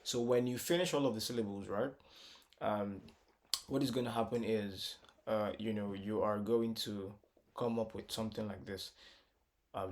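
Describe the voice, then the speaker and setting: A man's voice: fairly low pitch, steady tone, normal speed. A man teaching a casual music lesson, thinking aloud, repeating words and singing short solfa syllables to test notes. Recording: guitar music clearly under the voice.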